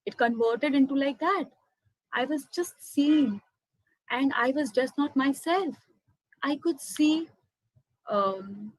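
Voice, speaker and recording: A woman with a high voice shares a personal spiritual testimony, emotional and heartfelt, often calling her listeners friends. The recording is dry with no room sound, but the audio quality is poor.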